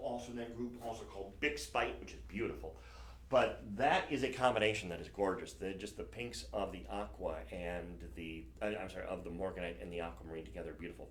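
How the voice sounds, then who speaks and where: A man hosting a live shopping stream, selling jewelry in a chatty, enthusiastic way and correcting himself as he goes. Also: fairly low pitch. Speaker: shopping channel host.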